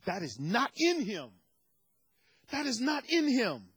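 A man preaching a sermon, swinging from quiet storytelling to fervent shouted passages. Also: extremely high pitch, wildly swooping pitch, slow pace, breathy edge, no room sound, rough recording.

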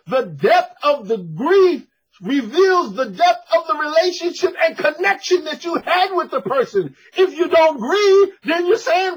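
A man's voice: extremely high pitch, big pitch swings, measured pace, lo-fi sound. A man preaching a sermon to a congregation in a church, emphatic and conversational, calling for responses. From United States.

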